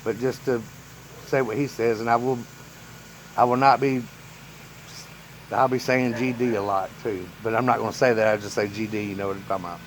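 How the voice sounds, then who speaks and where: A man's voice: on the low side, fairly even intonation, fairly quick, pauses often, a little hiss or hum, rough recording. A man in a casual storytime vlog, rambling through family memories and chuckling often. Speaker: vlogger telling family stories.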